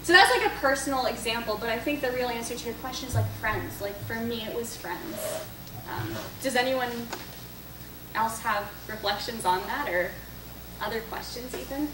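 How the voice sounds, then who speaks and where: A woman's voice: a little high, moderate pace, far from the mic. Chatty young woman in an echoey hall. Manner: chatty, storytelling, frequent likes and self-corrections. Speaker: speaker at a young adult faith event. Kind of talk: casual talk to a group with Q&A. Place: parish hall. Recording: echoey room, voice off-mic with faint noise.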